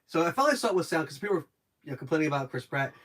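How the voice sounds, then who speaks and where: Animated, jokey high-voiced man. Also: rapid-fire. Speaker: guest. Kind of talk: casual chat.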